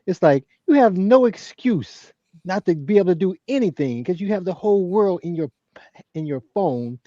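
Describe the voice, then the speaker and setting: A man's voice: high voice, animated, normal speed, mellow, dry recording, muffled recording. A man co-hosting a casual podcast chat, talking earnestly and often restarting and repeating words. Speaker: co-host.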